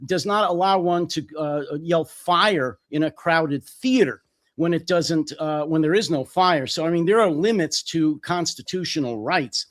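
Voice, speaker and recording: American guy hosting a political chat, fired up and emphatic, kinda high voice, stumbles a bit. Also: unhurried. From United States. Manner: indignant, emphatic, with hesitations.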